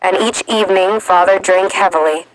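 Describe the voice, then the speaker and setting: A woman narrating an audiobook in the first person, measured and reflective. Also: mid-range voice, rough recording.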